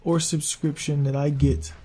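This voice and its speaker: A young man telling a casual, profane story for his vlog in an animated way. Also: a little high, normal speed, a little hiss or hum. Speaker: vlogger.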